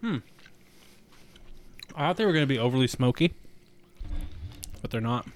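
A man's voice: mid-range voice, expressive, normal speed. A man co-hosting a casual food chat, joking and teasing as he goes. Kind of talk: casual chat, eating on camera.

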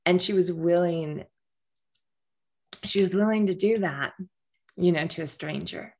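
Brief: middle-aged woman guest, low gravelly voice, earnest storyteller who stumbles and repeats. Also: a little slow, a little mellow. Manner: earnest, frequent restarts and repetitions. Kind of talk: personal storytelling in conversation.

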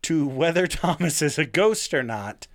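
A man's voice: fairly high pitch, expressive, a little slow. A man casually recounting a crime story, swearing freely and laughing as he goes. His talk is loose, full of restarts and fillers. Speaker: podcast co-host telling a true crime story. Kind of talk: casual chat.

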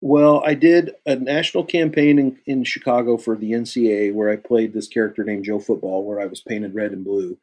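Husky man telling animated stories. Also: a little fast, hardly any pauses. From Kansas City, USA. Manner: animated storyteller who acts out both sides of dialogues, jumping high in pitch. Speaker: guest actor. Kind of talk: casual interview storytelling.

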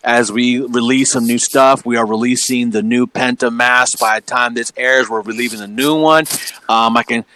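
A man guesting on a podcast, plugging his business in a relaxed, chatty way and often saying "you know what I mean.". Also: medium pitch, moderate pace, no echo, rough recording. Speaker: guest, mask maker and wrestling promoter. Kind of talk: casual podcast plug.

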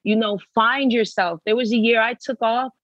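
A woman guest in a casual interview, telling stories in an animated, emphatic way and repeating words for effect. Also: fairly high pitch, normal speed, dry recording, muffled recording. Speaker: podcast guest.

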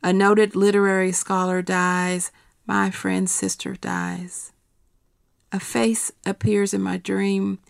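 A middle-aged woman reading her personal essay aloud in a quiet, measured, steady way. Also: medium pitch, gravelly, no echo, clean studio sound.

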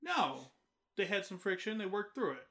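A man with a fairly high voice co-hosts a relaxed movie podcast. He talks in an easygoing, halting way, often pausing with fillers as he sorts out his thoughts. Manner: easygoing, hesitant, full of fillers. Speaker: podcast co-host. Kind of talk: casual movie review chat.

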